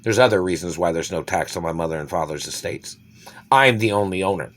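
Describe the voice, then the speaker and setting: A man delivering an angry, swearing monologue, repeating accusations and swinging between shouting and low muttering. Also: a little fast. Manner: furious, swearing, repetitive accusations. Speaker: vlogger.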